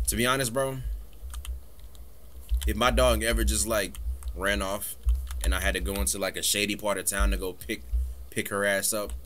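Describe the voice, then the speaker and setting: A man's voice: on the low side, fairly even intonation, moderate pace, pauses often, fairly bright tone, slight background noise. A man giving casual commentary while playing a horror game, talking back to the game, swearing and joking through the scares. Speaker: gaming streamer.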